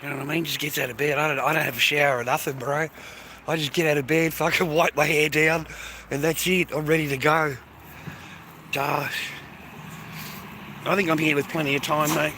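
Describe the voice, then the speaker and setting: A man's voice: on the high side, level tone, fairly quick, pauses often, bright, forceful tone, a little hiss or hum. A middle-aged man, rambling and swearing while livestreaming on a phone, tired and coughing. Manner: swearing, rambling, calls listeners mate. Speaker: live streamer. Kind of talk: rambling casual livestream chat.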